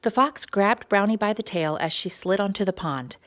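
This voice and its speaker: A woman reading a quiet story time picture book aloud for young children, gentle and expressive. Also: medium pitch, normal speed.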